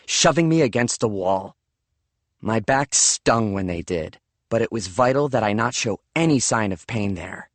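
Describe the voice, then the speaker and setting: A man narrating a first-person audiobook in a measured, steady way. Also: medium pitch, no room sound.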